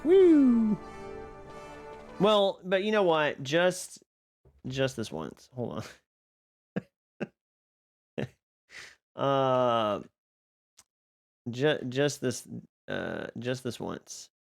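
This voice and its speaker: A man streaming live, chatting casually and excitably with his viewers while playing a game. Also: mid-range voice, very slow, gravelly, pauses often, soft background music. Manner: excitable, chatty, reads and answers chat.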